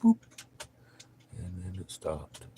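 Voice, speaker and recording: A middle-aged man livestreaming a profane rant, dropping from low muttering to loud, combative outbursts. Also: huge pitch swings, slow, a little hiss or hum. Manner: heavy swearing, blunt and combative.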